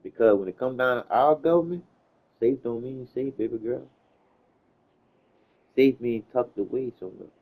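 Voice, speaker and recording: A man's voice: mid-range voice, normal speed, long pauses. A man chatting casually, telling stories in a loose, slangy way, with plenty of cursing. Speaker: host. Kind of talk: casual chat. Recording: tinny phone-like sound.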